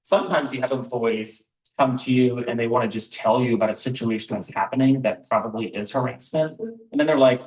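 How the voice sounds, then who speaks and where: A man's voice: medium pitch, fairly quick, darkish tone. A man presenting a business training to a live room, conversational, with many ums and questions to the audience. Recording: roomy, voice from far off the mic.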